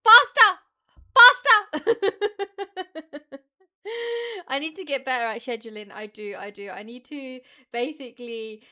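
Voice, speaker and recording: Young woman streamer, from the uk, bright tone, rather high voice, chatty storytelling. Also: a little fast, hardly any pauses, clear, resonant tone. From United Kingdom. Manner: chatty storytelling, animated quoting of others. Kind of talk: casual chat.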